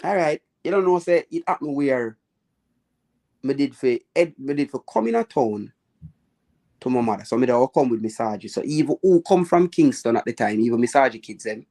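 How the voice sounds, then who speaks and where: A man with a Jamaican accent spins a long, lively story in patois during a casual live chat. His voice sits at an ordinary middle pitch, and he often lifts it when quoting others. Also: a little fast. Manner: lively patois storytelling, quotes people in raised voice.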